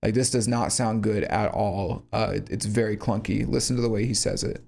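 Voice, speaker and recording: A man's voice: fairly low pitch, moderate pace, vocal fry, noisy background. A man giving a casual, blunt critique of a song, sarcastic and free with swearing. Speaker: song reviewer.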